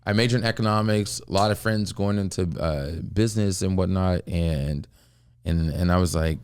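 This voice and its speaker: A man's voice: low-pitched, moderate pace, smooth, no room sound. A man from the US, a guest comedian, telling stories in a casual podcast chat with a laid-back, rambling manner and lots of filler words. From United States.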